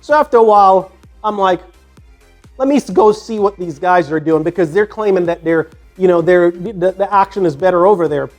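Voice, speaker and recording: High-voiced Jamaican man telling stories. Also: moderate pace, darkish tone, faint music behind. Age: 60s. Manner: rambling, with frequent restarts and "you know" asides. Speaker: podcast host. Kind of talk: casual storytelling monologue.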